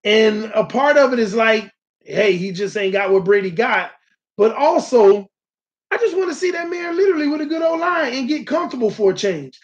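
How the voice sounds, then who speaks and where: A man's voice: extremely high pitch, expressive, moderate pace, muffled recording. A man hosting a casual live-stream sports talk show, talking animatedly and straight to his viewers. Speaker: sports channel host.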